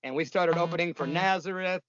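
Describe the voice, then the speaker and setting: A man's voice: high voice, fairly quick, fairly bright tone, dull audio. A man, a punk musician telling stories in a casual interview, blunt and profane, rambling with lots of fillers.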